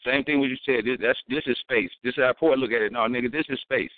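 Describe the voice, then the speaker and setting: A man telling stories in a casual chat, animated and profane, repeating words as he thinks. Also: mid-range voice, fast talker, dry recording. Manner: animated, acts out voices in his stories. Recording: tinny phone-like sound, dry.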